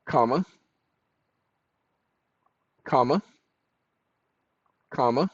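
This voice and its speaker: A man's voice: medium pitch, animated, very slow, dry recording. Man dictating prompts, punctuation and all. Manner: dictates punctuation aloud between loose asides. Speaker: channel host. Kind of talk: screen-recorded tutorial, dictating prompts aloud. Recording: dull lo-fi recording.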